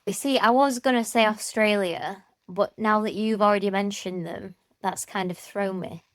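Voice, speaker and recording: A playful woman from the UK chats and guesses on a podcast, often breaking into giggles. Her voice sits at a middle pitch. It is recorded close, with a dry sound. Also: moderate pace, no room sound. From United Kingdom. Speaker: podcast co-host. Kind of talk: casual chat.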